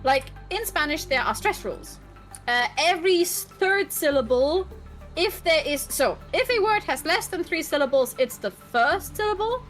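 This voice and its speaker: A woman's voice: high-pitched, expressive, moderate pace, a bit bright, faint music behind. A woman in her twenties chatting casually on a stream, blunt and ranting, swearing freely. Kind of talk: casual chat.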